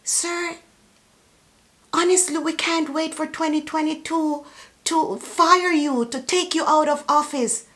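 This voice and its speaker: Woman, support worker, slow and fed-up rant straight to camera, high-ish voice. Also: fairly even intonation, fairly bright tone. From immigrant to Canada. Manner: indignant, emphatic, repeats for emphasis. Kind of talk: impassioned political rant to camera.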